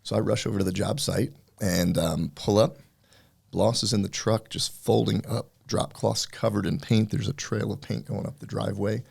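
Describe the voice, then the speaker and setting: A man's voice: lowish voice, fairly even intonation, normal speed, gravelly, darkish tone, breathy edge. A middle-aged man, a business owner, telling a story in a casual interview and acting out the voices of the people in it. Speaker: guest, entrepreneur.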